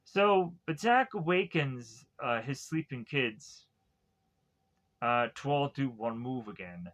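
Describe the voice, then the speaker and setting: Rambling man with a bright voice. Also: medium pitch, animated, slow. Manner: meandering, heavy use of fillers and restarts. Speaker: TV series reviewer. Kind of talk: rambling casual review. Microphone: tablet recording.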